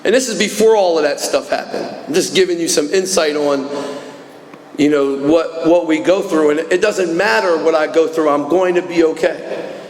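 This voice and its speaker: A man's voice: a little high, moderate pace. A man in his forties giving an earnest, emotional personal testimony at a recovery meeting, recorded in a large hall. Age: 40s. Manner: earnest, emotional, rising to fervent. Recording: echoey hall recording from a distance.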